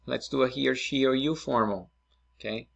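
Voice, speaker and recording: A man's voice: mid-range voice, steady tone, moderate pace, creaky, a bit bright, muffled recording. A man teaching a recorded Spanish lesson, explaining step by step and often checking in with his students. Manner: patient, explains step by step, checks in with "right?" and "okay?".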